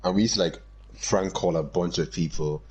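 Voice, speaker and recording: A man's voice: deep voice, brisk, noisy background. A man, telling a childhood story to friends in a casual chat and laughing as he goes. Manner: excitable, laughs through his story.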